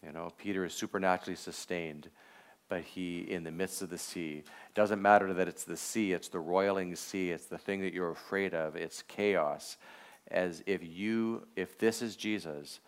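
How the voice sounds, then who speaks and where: A man teaching a class, leading a guided meditation on a Bible passage in a reflective, unhurried way with frequent filler pauses. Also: low voice, steady tone, clear, resonant tone.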